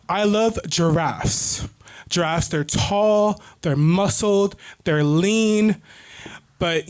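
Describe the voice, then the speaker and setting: A man with a high-pitched voice rambles through a stand-up set on a comedy club stage mic. He corrects himself and loses his thread, but keeps going. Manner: meandering, awkward, self-correcting. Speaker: stand-up comedian, brand-new. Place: comedy club stage in New York City.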